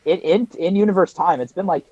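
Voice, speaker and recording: Higher-voiced man, a player at the table. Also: brisk, muffled recording, heavy background noise. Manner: hesitant, repeats words. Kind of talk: casual tabletop game chat.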